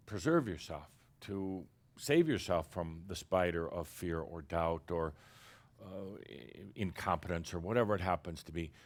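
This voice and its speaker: Deep-voiced man giving a theatrical spiritual talk. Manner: theatrical, playful, addresses listeners as "dear human"; swings between loud emphatic bursts and quiet drawn-out phrases. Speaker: spiritual teacher channeling an entity. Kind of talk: channeled spiritual talk to a live audience.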